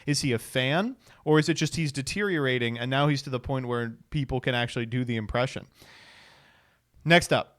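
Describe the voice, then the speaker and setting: A man's voice: medium pitch, fairly quick, fairly bright tone. A man hosting a stream, casually commenting on clips with a sarcastic tone, frequent laughter and free swearing. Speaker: streamer host.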